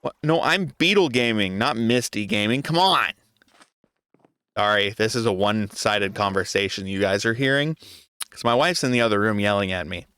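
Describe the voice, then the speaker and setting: A man's voice: fairly low pitch, moderate pace, sharp tone, smooth, dry recording. A young adult man giving casual gameplay commentary, talking to himself in an exasperated, joking way. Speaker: gaming video creator.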